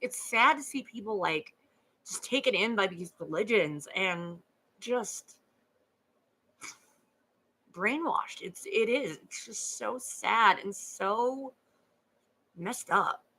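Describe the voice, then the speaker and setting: Woman host chatting on a true crime stream, bright voice, stumbles and repeats herself a lot, lots of likes and ums. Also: medium pitch, expressive, low-quality recording. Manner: halting, repeats words while thinking; earnest, talks with many fillers. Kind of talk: casual livestream chat reading viewer comments.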